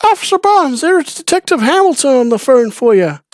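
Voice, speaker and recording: A man voicing a cheery woman who serves coffee in a video game, in a high, drawn-out falsetto. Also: sing-song, a little mellow, dry recording, clean studio sound, full character voice. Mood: flirty. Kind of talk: let's play commentary with voiced game lines.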